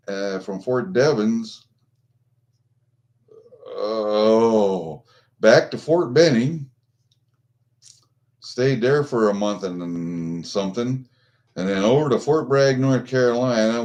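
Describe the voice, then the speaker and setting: Chatting loosely with live viewers, this middle-aged man rambles and curses, with many fillers and false starts. He has a lowish voice with a darkish tone.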